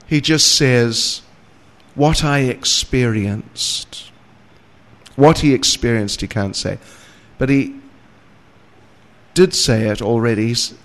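Slow, measured male scripture teacher. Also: medium pitch. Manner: measured, reads verses with rising emphasis, light chuckles. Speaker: spiritual teacher. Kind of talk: scriptural lecture.

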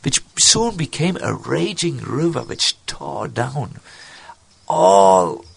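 Slow, gravelly-voiced male storyteller. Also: medium pitch, sing-song, no echo. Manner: halting, many fillers and restarts. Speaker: spiritual speaker. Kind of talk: sermon storytelling.

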